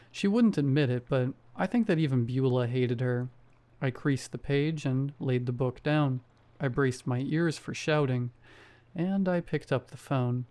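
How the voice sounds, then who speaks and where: A man reading a first-person horror story aloud in a steady storytelling manner. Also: mid-range voice. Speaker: story narrator. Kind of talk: scripted horror narration.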